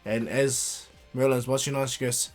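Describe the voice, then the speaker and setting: A man's voice: mid-range voice, fairly even intonation, moderate pace, faint music behind. A man casually improvising a fan story, rambling with fillers and restarts.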